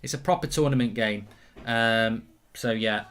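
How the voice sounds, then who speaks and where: An excitable man hosts a live football watchalong stream and rambles on as he reads out viewers' comments. His voice sits at an average pitch for a man. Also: measured pace.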